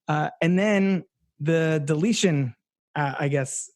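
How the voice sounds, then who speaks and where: A man's voice: a little high, slow, a little mellow, no echo, studio quality. A man chatting animatedly about films on a podcast, swearing casually and restarting his sentences.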